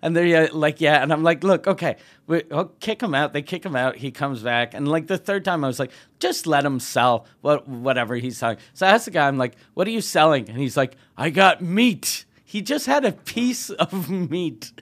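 Man, podcast host, profane laughing anecdotes, slightly raised pitch. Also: lively intonation, fairly quick, hardly any pauses. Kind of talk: casual storytelling chat.

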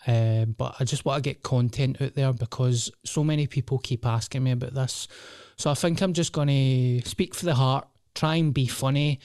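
A man's voice: medium pitch, fairly even intonation, moderate pace, darkish tone, smooth, no echo, clean studio sound. A Scottish man in his thirties, a comedian telling rambling, sweary stories on his solo podcast. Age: 30s. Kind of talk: casual solo podcast monologue.

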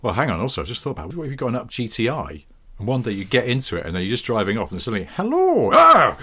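A man in his thirties from England, co-hosting a casual chat and joking playfully, now and then jumping into high squeaky voices. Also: rapid-fire, husky. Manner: playful, jokey, animated with sudden high put-on squeals. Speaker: podcast co-host.

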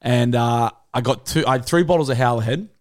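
A man's voice: medium pitch, brisk. An Australian man co-hosting a podcast, telling rambling, sweary stories in casual banter. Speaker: podcast co-host.

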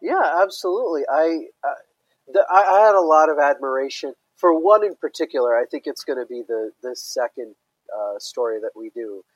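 Giggly doctor dude co-hosting, a bit high, rambles, dry close sound. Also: male voice, expressive, normal speed, no room sound, highs cut off. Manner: giggly, rambling, easily amused. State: getting over a cold. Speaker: co-host, pediatric infectious disease doctor. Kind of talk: casual chat.

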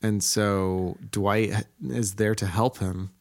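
A man's voice: fairly low pitch, level tone, slow. A man co-hosting a podcast in casual chat, teasing his partner with dry banter. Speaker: podcast co-host.

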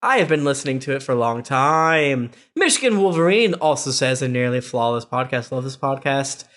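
A man's voice: medium pitch, lively intonation, a little fast, fairly bright tone. A man hosting a podcast, reading listener reviews aloud in a casual way with joking asides. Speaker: podcast host.

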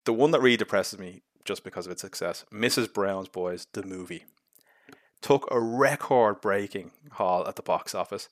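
Blunt, sarcastic man, low voice. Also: moderate pace, no echo. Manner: chatty, blunt and sarcastic, with frequent restarts and "like". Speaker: host. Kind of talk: casual film commentary.

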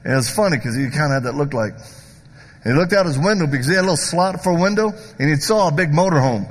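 A man preaching a sermon who tells stories in an animated, joking way and acts out the voices of the people in them. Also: fairly high pitch, quick pace, slightly rough. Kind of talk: sermon with storytelling. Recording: long hall reverb.

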